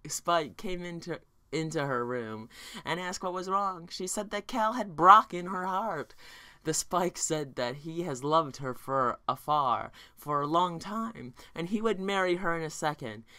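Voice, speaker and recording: Slow, bright-voiced young guy reading fanfic. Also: on the high side, dry recording. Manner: reads in deadpan mock drama, laughing through absurd lines. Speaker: fan video host reading a fanfic aloud. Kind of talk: mock-dramatic reading of a bad fanfic.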